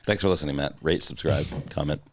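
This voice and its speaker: A man's voice: very deep voice, quick pace, slight background noise. A man co-hosting a comedy podcast, chatting casually with a dry, wry manner. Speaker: podcast co-host. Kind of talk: casual chat.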